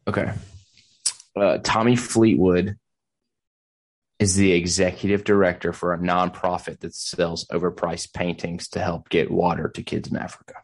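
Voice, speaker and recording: A man co-hosting a casual podcast, animated and laughing into his own jokes. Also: low voice, normal speed. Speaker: podcast co-host.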